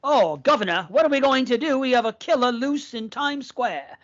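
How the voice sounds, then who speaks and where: A man's voice: very high-pitched, moderate pace, a bit bright, dull audio. A man putting on a stuffy mock-British police detective. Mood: mock alarm. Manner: theatrical, mocking.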